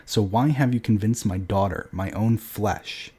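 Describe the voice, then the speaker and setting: A man voicing a boisterous drunken emperor who jeers loudly and bellows at those around him. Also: fairly low pitch, a little slow, slightly rough. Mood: accusing. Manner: loud, jeering, theatrical outbursts.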